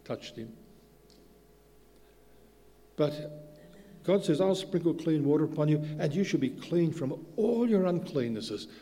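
A man preaching a sermon, swinging between soft asides and loud, emphatic bursts. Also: fairly high pitch, animated, a little slow, long pauses. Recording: hall reverb.

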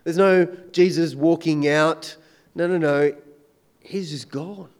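A man's voice: on the high side, fairly even intonation, slow, clean tone. Emphatic man preaching a sermon. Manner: dramatic shifts between loud emphasis and hushed intensity.

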